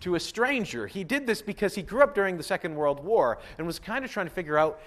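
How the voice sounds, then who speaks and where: High-voiced male pastor preaching. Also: fast talker. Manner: animated, acts out Bible voices. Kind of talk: sermon.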